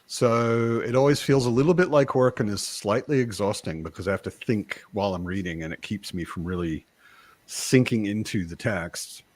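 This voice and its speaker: A man born in the United States hosting a casual live chat, talking in an animated way with frequent restarts. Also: lowish voice, moderate pace. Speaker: host.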